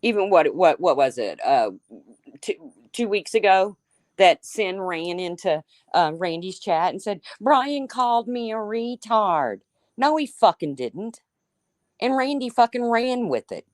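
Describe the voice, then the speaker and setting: Low-voiced woman ranting profanely. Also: expressive, measured pace, a little mellow, no room sound, studio quality. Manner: profane, heated, calling out viewers by name. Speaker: livestream host. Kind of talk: ranting livestream commentary.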